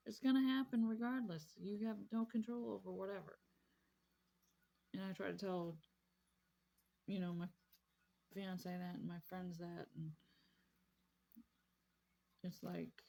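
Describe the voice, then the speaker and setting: A woman's voice: medium pitch, steady tone, a little slow, gravelly, pauses often, mellow. A woman vlogging casually about her craft hobby, rambling and repeating herself in an easygoing way. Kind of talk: casual chat while crafting.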